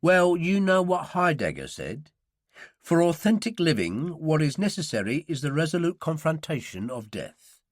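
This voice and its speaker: A man voicing a cocky young gangster, pitched higher than his own voice. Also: big pitch swings, normal speed, no room sound, clean studio sound. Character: cocky young London gangster who quotes philosophy.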